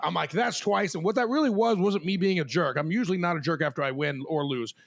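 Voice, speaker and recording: A man hosting a podcast, animated and laughing as he tells a long story among friends. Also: on the high side, quick pace. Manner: animated, swears, laughs while telling stories. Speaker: podcast host. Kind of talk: storytelling in casual chat.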